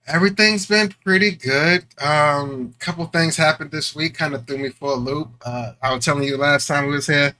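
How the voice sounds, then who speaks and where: A man co-hosting a podcast, telling animated stories full of slang and laughter in casual chat. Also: on the high side, normal speed, few pauses. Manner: animated storyteller, acts out quotes with laughs; slangy, repeats "you know what I'm saying". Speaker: podcast co-host.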